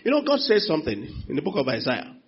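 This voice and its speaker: A preacher giving a sermon in a church, calling on the congregation for responses and swinging from quiet asides to loud exclamations. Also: male voice, on the high side, wildly swooping pitch, fast talker, a little hiss or hum. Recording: dull lo-fi sound.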